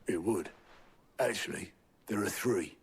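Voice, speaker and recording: An actor playing a gruff, weary middle-aged male ally in a video game, blunt and gravelly. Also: lowish voice, unhurried, slight background noise, natural voice. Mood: grim. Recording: game audio over music. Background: game music.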